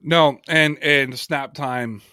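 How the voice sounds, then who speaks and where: A man's voice: on the high side, fairly even intonation, slow pace, bright, forceful tone, smooth, no room sound, studio quality. Emphatic man hosting a sports podcast. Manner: emphatic, talkative, reads chat comments aloud. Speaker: podcast host. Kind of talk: casual sports talk.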